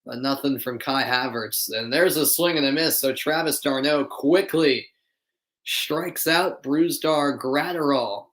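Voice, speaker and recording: A man from Boston, USA, does live play-by-play commentary from a dimly lit room at home, chatting with viewers between plays. His voice is medium-pitched and a bit bright, and he talks a little slowly.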